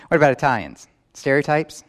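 A man's voice: on the high side, sing-song, moderate pace. A man preaching a sermon, asking the listeners question after question. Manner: asks the audience questions. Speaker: pastor. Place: church in New York.

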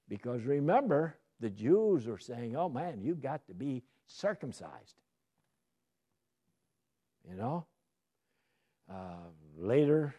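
A man's voice: medium pitch, dark tone. A man teaching a Bible study sermon. He asks his listeners questions and answers them himself, and his delivery climbs into emphatic bursts.

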